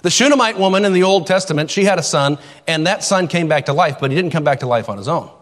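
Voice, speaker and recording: A man preaches a sermon, reading scripture and explaining it in a conversational way. His voice sits slightly high and moves through a lively range. A long reverb carries it through the church. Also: quick pace. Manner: expressive, conversational Bible teaching. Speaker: pastor.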